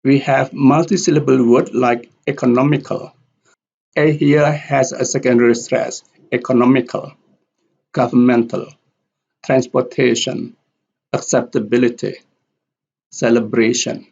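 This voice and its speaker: A man teaching English pronunciation in a slow lesson, carefully repeating example words. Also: medium pitch, gravelly, a little mellow, muffled recording.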